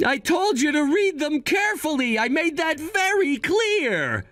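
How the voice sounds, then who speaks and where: A man voicing a calm, scheming son. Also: extremely high pitch, measured pace, dry recording, faint music behind, heavily acted. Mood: firm. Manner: cool, firm, lecturing.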